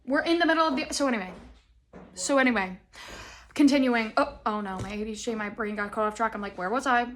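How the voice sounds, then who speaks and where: A young woman hosting a podcast, telling stories in a rambling, animated way and acting out the quotes. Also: a little high, fast talker, a little hiss or hum. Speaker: podcast host. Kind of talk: casual chat.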